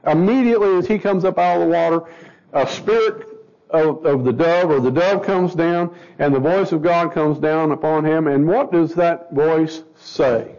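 A man's voice: a little high, moderate pace, darkish tone, long reverb tail. A man teaching a Bible study to a group, asking them questions as he goes and stumbling over words. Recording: dull lo-fi recording.

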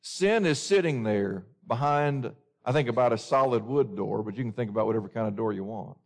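A man's voice: medium pitch, lively intonation, brisk, vocal fry. A man preaching a sermon in an earnest way, often asking his listeners questions.

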